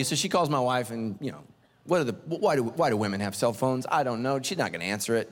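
A senior pastor preaching with the animated, self-mocking timing of a storyteller. His male voice sits high, and each line rings out with a long church-hall reverb. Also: fairly quick, slight background noise. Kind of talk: humorous sermon storytelling.

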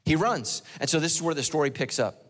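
A man's voice: expressive, fairly quick. A male pastor preaching a sermon, telling a story dramatically and putting questions to his congregation. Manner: dramatic storytelling with swings from loud and high to low and hushed; preaching to a live congregation, asking the crowd questions.

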